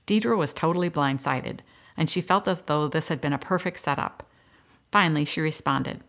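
A woman reads an audiobook story in a low, gravelly voice. Her storytelling is steady and even, moving through the scenes without rush. A slight fry sits under her words. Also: moderate pace. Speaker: narrator. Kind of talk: audiobook narration.

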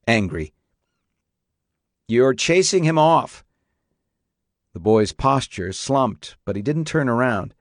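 A man narrating a story in a steady, measured audiobook reading. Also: fairly low pitch, dry recording, clean studio sound.

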